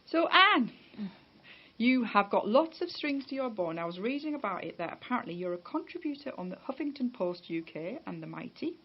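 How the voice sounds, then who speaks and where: A woman's voice: on the high side, sing-song, fairly quick, breathy edge. A woman from northeast England hosting a casual radio interview, chatty and upbeat with plenty of fillers. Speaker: radio host. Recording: dull lo-fi radio recording.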